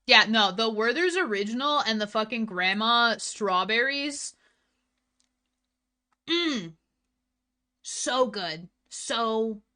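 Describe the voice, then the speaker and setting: A woman's voice: fairly high pitch, bright, forceful tone. A young woman streamer chatting casually with her viewers, blunt and full of swearing. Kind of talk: casual chat stream, reading chat.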